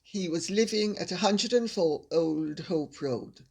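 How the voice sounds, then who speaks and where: An older woman with a Jamaican accent, answering viewer questions in a measured, assured casual chat. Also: on the low side, gravelly, darkish tone, breathy edge.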